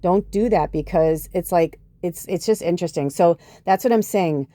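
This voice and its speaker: Middle-aged woman podcast host rambling casually, swears a lot, mellow lowish voice, dry sound. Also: moderate pace, no echo. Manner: chatty, swears often, acts out quotes. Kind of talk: casual chat.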